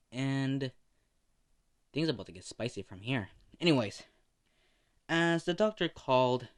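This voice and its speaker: A young man tells a fan fiction story in a loose, casual way and swears freely. He takes his time and speaks slowly, with rambling asides. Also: medium pitch. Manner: slow, rambling, profane, laughs at his own story.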